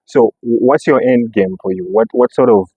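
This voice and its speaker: A man's voice: medium pitch, fairly quick, mellow, breathy edge, no echo. Chatty male podcast host, muffled dry recording. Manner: chatty, frequent listening sounds and restarts. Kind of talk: casual podcast chat.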